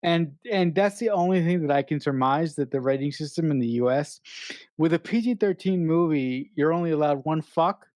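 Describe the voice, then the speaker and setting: A man co-hosting a podcast, talking through a film in a halting way, often repeating words and restarting. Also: fairly high pitch, a little mellow, no room sound, clean studio sound. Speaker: podcast co-host. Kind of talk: casual film review chat.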